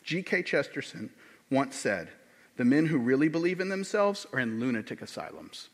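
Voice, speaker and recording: A man pastor preaching a sermon, animated, acting out quoted voices with big swings in pitch and loudness. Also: moderate pace, long reverb tail.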